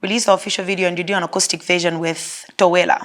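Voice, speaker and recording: A woman's voice: fairly low pitch, little pitch movement, very fast, fairly bright tone. A woman hosting an interview, asking chatty questions and mixing in some Bemba. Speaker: host. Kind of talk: radio and TV interview.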